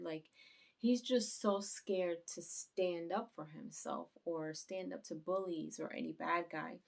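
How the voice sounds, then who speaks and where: A woman reviewing an anime episode on her channel, retelling the scenes in a casual, rambling, animated way. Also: lowish voice, unhurried, creaky.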